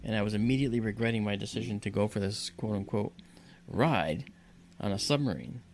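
A man telling a story on a podcast in a lively, casual way and acting out the dialogue. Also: on the low side, brisk, a little hiss or hum. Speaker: podcast guest. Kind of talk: casual spoken anecdote.

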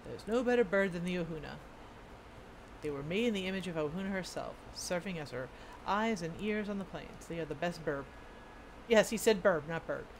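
A woman's voice: on the low side, animated, fairly quick, noisy background. A young woman chatting casually as she streams a video game, rambling and amused at herself. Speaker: gaming streamer. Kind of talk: casual gameplay commentary.

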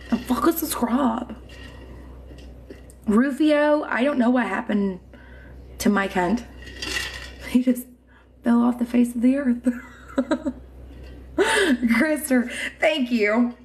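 A woman from Indiana chats into her phone on a live stream, loose, giggly and a little drunk. Her voice sits fairly high with plenty of gravelly fry. A faint hiss of room noise runs underneath. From Indiana, USA. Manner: chatty, giggly, swears freely, tipsy. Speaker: livestream host. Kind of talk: casual live-stream chat reading comments. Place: home room with mounted trophies.

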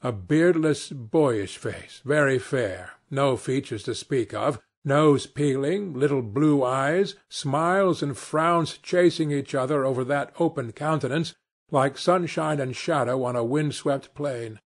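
Husky male audiobook narrator. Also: medium pitch, takes it slowly.

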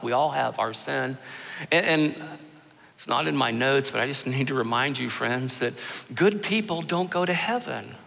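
A man's voice: a little high, gravelly, bright, forceful tone. A middle-aged male pastor preaching a sermon with fervor, repeating phrases for emphasis, in a large church. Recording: long church hall reverb.

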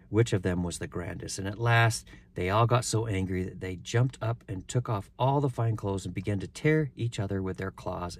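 A man's voice: on the low side, darkish tone. A man reading a children's story aloud, chuckling and stumbling now and then, with chatty asides. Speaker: reader.

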